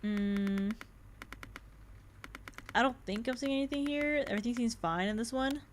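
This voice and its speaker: Excitable young woman streaming a game. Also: a little high, moderate pace, slight background noise. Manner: excitable and jumpy, laughs and swears often. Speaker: VTuber streamer. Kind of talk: casual gaming stream commentary.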